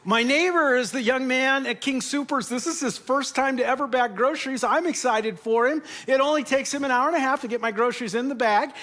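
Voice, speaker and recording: A middle-aged pastor with a very high, sharp voice preaches in a church auditorium, talking briskly with hardly any pauses. His sermon is built on stories and jokes, and sometimes he gets emotional.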